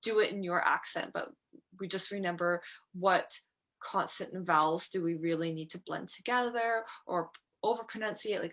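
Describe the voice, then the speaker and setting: A woman's voice: fairly low pitch, a bit bright. Canadian lady english tutor, chatty and upbeat, encouraging. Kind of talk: one-on-one online lesson.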